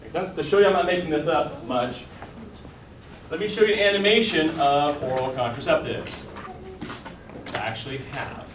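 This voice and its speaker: A man's voice: on the high side, animated, normal speed, pauses often, recorded from a distance, noisy background. A man teaching a college biology class, lecturing casually and firing questions at his students. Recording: echoey classroom recorded from afar.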